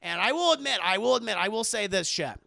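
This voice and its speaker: A man's voice: sits high, animated, quick pace, creaky, pushed and bright, dry recording, clean studio sound. A man doing a casual, profane film recap on a livestream, chatting animatedly with his viewers. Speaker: streamer.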